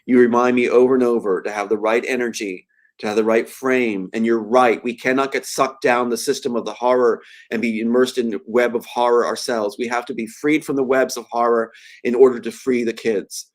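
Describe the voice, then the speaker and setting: A man's voice: mid-range voice, steady tone, a little fast. A man speaking as a guest on a live web show over a video call, earnest and heartfelt, choked up with emotion.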